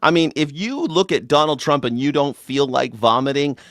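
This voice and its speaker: A man's voice: on the high side, normal speed, a bit bright, no room sound. A man hosting a live call-in show, ranting sarcastically and profanely about politics and mocking people in put-on voices.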